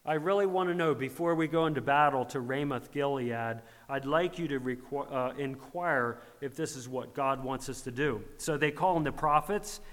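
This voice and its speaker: A man's voice: medium pitch, normal speed, hardly any pauses, fairly bright tone. A man preaching a sermon, retelling a scripture story with rhetorical questions and acted-out quotes. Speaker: pastor. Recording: long reverb of a large hall.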